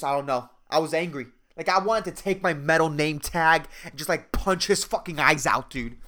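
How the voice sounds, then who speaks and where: A man's voice: a little high, a bit bright. A man hosting a podcast, telling customer stories in an exasperated, sarcastic and profane rant. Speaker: podcast host. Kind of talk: ranting storytelling.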